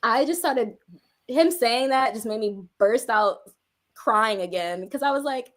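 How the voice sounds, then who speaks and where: Animated woman telling a story. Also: a little high, unhurried. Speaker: guest, music artist. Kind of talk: casual interview talk.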